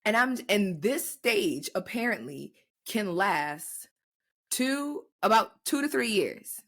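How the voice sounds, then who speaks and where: A young woman co-hosting a casual podcast, telling stories in an animated way and acting out quotes. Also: mid-range voice, slow pace. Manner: animated storytelling, acts out quotes. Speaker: podcast co-host. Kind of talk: casual chat.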